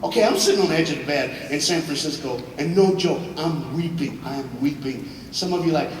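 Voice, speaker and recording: Man, motivational speaker, dramatic storyteller, higher voice, hushed-to-shouting swings, roomy hall, distant mic. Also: fairly quick, hardly any pauses. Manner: swings from hushed to shouting, with joking asides to the crowd. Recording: echoey hall, far mic, faint noise.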